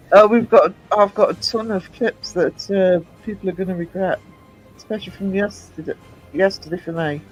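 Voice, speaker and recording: A man with a fairly high voice hosts a casual live-stream chat. He sounds hoarse from just waking up, and he laughs easily while teasing his guests. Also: moderate pace, long pauses, soft background music, rough recording. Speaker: host.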